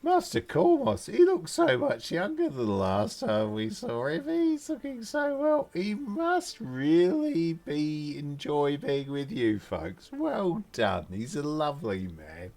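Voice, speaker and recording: A man voicing a cheeky, gushing half-gnome woman who runs an inn, in a high squeaky falsetto and flattering tone. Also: takes it slowly, few pauses, exaggerated voice. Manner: gushing and flattering, salty slang.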